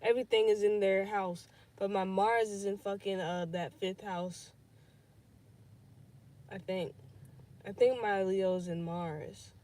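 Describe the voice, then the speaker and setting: A woman's voice: medium pitch, fairly even intonation, takes it slowly, pauses often, darkish tone. Rambling, profane young woman. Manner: rambling, profane, thinks aloud with many fillers. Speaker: podcast host. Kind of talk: casual livestream chat.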